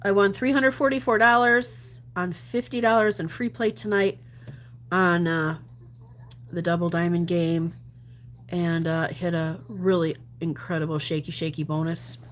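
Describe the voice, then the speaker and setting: A woman talking to her viewers on a casual livestream. She is chatty and animated, laughing often. Her voice swings from lively bursts down to low mutters and whispers. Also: a little slow, slight background noise. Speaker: gambling livestreamer. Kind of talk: casual livestream chat, answering viewer comments.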